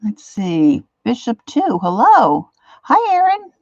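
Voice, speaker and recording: A woman's voice: a little high, huge pitch swings, slow pace, no echo, dull audio. Chatty older woman greeting stream viewers. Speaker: art livestream host. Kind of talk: casual livestream chat. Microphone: computer mic, set far from her face.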